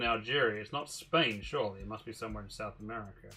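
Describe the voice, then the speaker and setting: A man's voice: on the low side, fast talker, bright, forceful tone, faint music behind. A man streaming a game, musing aloud in a casual, mildly profane way. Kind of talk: casual livestream commentary.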